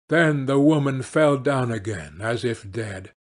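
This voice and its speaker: A man narrating a fairy-tale audiobook in a slow, deliberate reading. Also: mid-range voice, animated. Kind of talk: audiobook storytelling.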